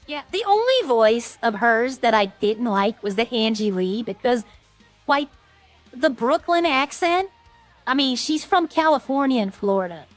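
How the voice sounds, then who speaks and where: A woman's voice: a little high, big pitch swings, a little slow, soft background music. A woman streamer rambling in casual, self-deprecating chat with her viewers.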